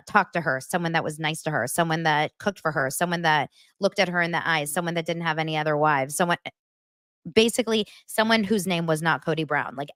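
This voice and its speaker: A woman hosting a podcast, recapping reality TV in a blunt, animated and profane way. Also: sits low, dry recording, studio quality. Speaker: podcast host.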